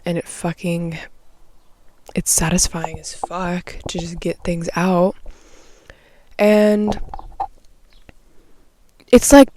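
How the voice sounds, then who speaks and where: A woman's voice: on the low side, mellow, slight background noise. A young woman vlogging straight to the camera from a small nook at home, ranting in a heated, rambling way and swearing often. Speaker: vlogger and artist. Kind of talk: unscripted morning vlog rant.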